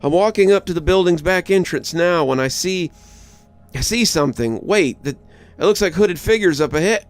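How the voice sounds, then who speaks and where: A man's voice: high voice, lively intonation, moderate pace, voice pushed up. A man voicing a frightened young male army private giving nervous, urgent radio reports. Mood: scared.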